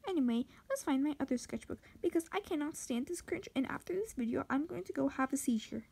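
A woman's voice: high voice, animated, fast talker, gravelly, a little mellow, poor audio. A young woman vlogger in casual commentary, exclaiming and dropping into whispered asides.

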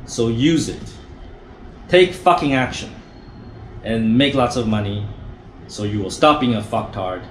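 Male sales trainer, mid-pitched, blunt and foul-mouthed, pushy delivery, echoey room with faint background ambience. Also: a little slow, long pauses, slight background noise. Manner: blunt, profane, pushy, keeps asking "right?". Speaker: sales trainer and company managing director. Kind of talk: direct-to-camera sales coaching.

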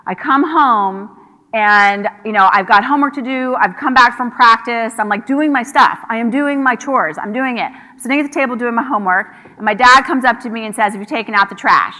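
Woman keynote speaker, bright and forceful, conversational storyteller, long hall reverb. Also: on the high side, a little fast. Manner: conversational storytelling with quoted dialogue. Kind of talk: conference keynote speech. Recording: hall reverb from a large venue.

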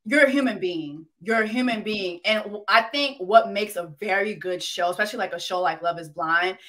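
A woman hosting a relaxed interview, animated and teasing, often repeating herself for emphasis. Her voice has a middle pitch with a bright, forceful edge. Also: normal speed. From Haitian immigrant family. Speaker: host. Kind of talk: casual interview chat.

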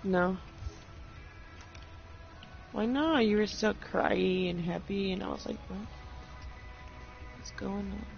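A man recording a gaming session talks slowly in a high voice with vocal fry and frequent pauses. He chats casually, teasing and swearing freely, over slightly dull lo-fi audio with faint music.

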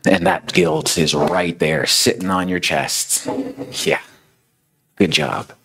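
A man's voice: sits low, big pitch swings, slow pace, vocal fry, fairly bright tone, slightly rough. A young man preaching a sermon in a conversational storytelling way, filling his speech with "you know" and "like".

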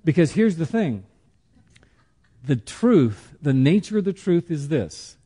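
A man teaching a church study class in a conversational way, with joking asides and slow, emphatic pauses. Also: on the high side, sing-song, warm tone, husky.

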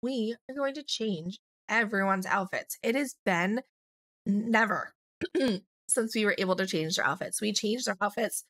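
A young woman, slightly hoarse, chatting and rambling through a let's play of a life-sim game. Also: mid-range voice, a little slow, fairly bright tone, no echo. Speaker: gaming YouTuber.

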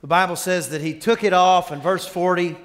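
A man's voice: high voice, steady tone, normal speed. Man preaching in a reverberant church hall. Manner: storytelling with quoted dialogue, calls to the congregation. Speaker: pastor. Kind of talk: sermon. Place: church sanctuary.

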